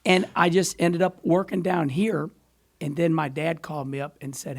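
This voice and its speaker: High gravelly-voiced man spinning stories. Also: moderate pace. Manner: animated, rambling storyteller who laughs often. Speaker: podcast guest, former racer. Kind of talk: storytelling in casual chat.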